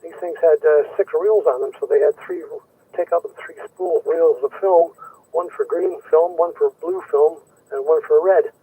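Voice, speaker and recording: A man's voice: on the high side, lively intonation, moderate pace, dark tone, slightly rough. A man calling in to a ham radio net, rambling through a story in casual chat with the odd chuckle. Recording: tinny phone-like radio link.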